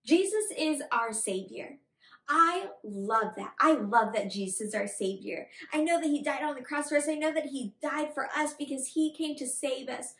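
A woman's voice: sits high, normal speed, a bit bright. A young woman, a children's pastor, telling a Bible story with bubbly enthusiasm in an online kids' service. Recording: echoey room.

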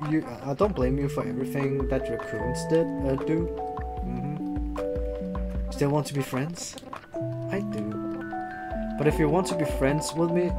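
A man with a slightly high voice reads game dialogue aloud in an unhurried, halting way, with fillers like "uh" and a laugh here and there. Game music plays clearly behind him. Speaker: game let's player reading and voicing characters. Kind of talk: casual let's-play dialogue reading.

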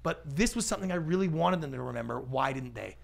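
A man's voice: mid-range voice, creaky. A middle-aged man, a guest on an interview show, talking casually and acting out little quoted voices as he tells stories. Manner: animated storyteller, acts out quoted voices, quick asides. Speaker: podcast guest, pitching expert.

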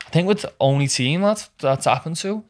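Man, 20s, footballer guest, casual chat, animated, keeps saying lad. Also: on the high side, fairly quick. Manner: animated storytelling, says "lad" constantly.

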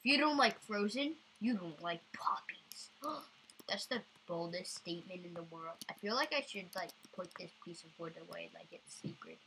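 A woman's voice: on the low side, animated, moderate pace, vocal fry, bright, forceful tone, a little hiss or hum, poor audio. A woman doing goofy let's-play commentary, bursting into sudden squeals. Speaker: gamer.

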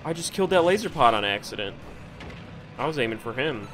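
A male streamer giving live gameplay commentary, reacting excitedly and swearing at the game. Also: medium pitch, brisk, music in the background.

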